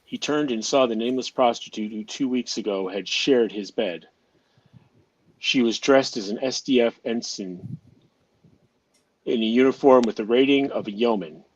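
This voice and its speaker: A man narrating an amateur audio drama in a steady reading voice, now and then stumbling and restarting a phrase. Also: mid-range voice, moderate pace, dry recording, dull audio.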